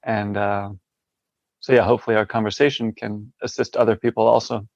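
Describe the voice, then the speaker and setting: A man's voice: on the low side, flat delivery, a little fast, gravelly, a little mellow, no echo, muffled recording. A man speaking as a podcast guest from a hospital room, reflective and hesitant, with many fillers. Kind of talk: interview conversation.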